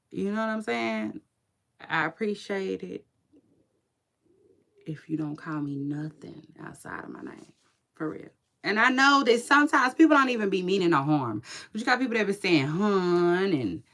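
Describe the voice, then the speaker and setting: Animated woman chatting gossip. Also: mid-range voice. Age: adult with children. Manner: animated, laughing, slangy and outspoken. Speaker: commentary vlogger reacting to celebrity gossip. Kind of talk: casual live-stream gossip chat.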